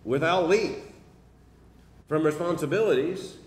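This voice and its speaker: A man's voice: fairly high pitch, a little slow. Emphatic male preacher in an echoing chapel. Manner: emphatic, repeats phrases for stress. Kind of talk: sermon. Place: seminary chapel. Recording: echoey hall from a distance.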